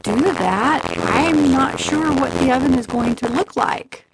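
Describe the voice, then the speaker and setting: A woman voicing a wary, quick-witted young girl who plays innocent. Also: sits high, gravelly, background noise, voice pushed up. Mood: feigned innocence.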